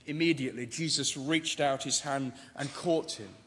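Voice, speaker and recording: A man's voice: mid-range voice, normal speed, fairly bright tone, a little hiss or hum. A man preaching a sermon, dramatic and rising to emphatic declarations. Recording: long reverb of a large hall.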